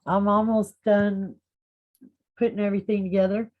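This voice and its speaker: A woman's voice: mid-range voice, little pitch movement, normal speed, phone-quality sound. A woman on a group video call, giving brief, matter-of-fact answers. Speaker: member of an online business group.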